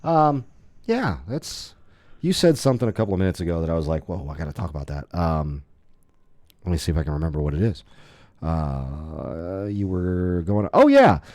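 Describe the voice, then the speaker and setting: Male podcast co-host, lower register, chatty and rambling, lots of restarts. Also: moderate pace, no echo, studio quality. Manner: rambling, animated storytelling with restarts. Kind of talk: casual chat.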